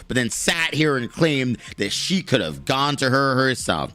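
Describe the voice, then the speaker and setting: Fired-up, foul-mouthed male streamer, lowish voice. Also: big pitch swings, moderate pace, few pauses, sharp tone, soft background music. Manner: blunt, profane, heated ranting. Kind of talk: casual live-stream commentary.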